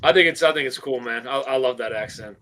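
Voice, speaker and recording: A man's voice: mid-range voice, quick pace, fairly bright tone, a little hiss or hum. A man hosting a casual livestream chat, easygoing and rambling, laughing often. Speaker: host.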